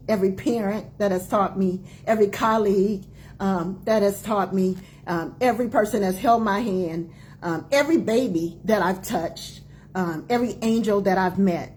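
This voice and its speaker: Woman in her forties, doctor hosting a live book launch, emphatic, repeats her points, mid-pitched voice, faint background noise. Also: a little mellow. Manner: emphatic, repeats key phrases, calls out greetings to viewers. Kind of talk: live-streamed talk to viewers.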